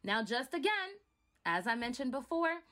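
A woman's voice: high-pitched, sing-song, moderate pace, sharp tone. A woman from Montreal giving emphatic opinion commentary as a vlogger, often checking in with "right?". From Montreal, Canada. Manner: emphatic, keeps asking "right?".

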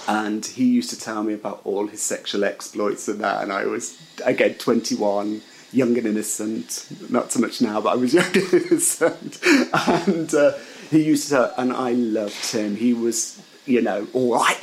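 A man recounting a personal memory in halting, emotional storytelling, with frequent restarts. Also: medium pitch, a little mellow, slight background noise, rough recording. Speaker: interviewee. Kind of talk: personal recollection.

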